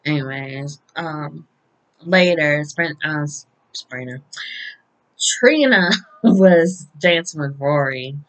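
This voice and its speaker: Low-voiced woman, lively chatty recap. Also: takes it slowly, poor audio. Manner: chatty, laughs often, swears, acts out characters' lines. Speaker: soap opera reviewer. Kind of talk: casual recap vlog.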